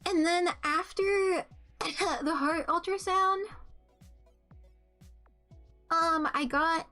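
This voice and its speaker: High-voiced young woman chatting on stream. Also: steady tone, extremely slow, pushed and bright, soft background music. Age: young adult. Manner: rambling, full of ums and restarts. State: coughing, throat full of mucus. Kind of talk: casual chat.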